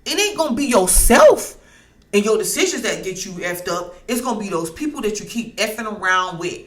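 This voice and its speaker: A woman's voice: mid-range voice, expressive, fairly quick, fairly bright tone. A woman reading astrology in a casual talk, blunt and heated, swearing freely and repeating herself for emphasis. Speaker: astrology and tarot reader.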